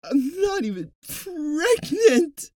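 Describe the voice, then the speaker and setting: A woman's voice: high voice, very animated, very slow, darkish tone, no echo, clean studio sound, pitched above the performer's own voice, exaggerated voice. A man voicing a hysterical young woman who shrieks and sobs in terror. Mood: shrieking crying. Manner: shrieking, panicked. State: crying.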